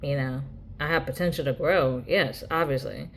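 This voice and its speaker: A woman with a deep voice speaks at normal speed, with a little hiss or hum behind her. She's a vlogger in a casual monologue, ranting bluntly, swearing freely and mocking people with quoted voices.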